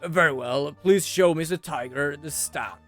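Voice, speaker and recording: A man's voice: measured pace, faint music behind, lightly acted. A man voicing an absent-minded, flustered old judge in a fussy, raised voice. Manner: fussy, louder and higher than his own talk.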